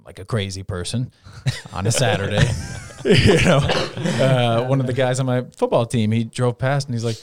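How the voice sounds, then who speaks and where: A man's voice: medium pitch, normal speed, crowd noise. A man in his thirties chatting casually, telling stories and acting out quoted lines with energy. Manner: animated storyteller, acts out quoted lines. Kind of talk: casual chat.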